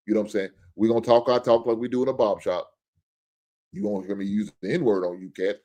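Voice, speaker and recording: A man with a low voice rants bluntly as the host of his own show, joking between points. He talks in a loose, casual monologue. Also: fairly even intonation, quick pace, dark tone. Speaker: podcast host.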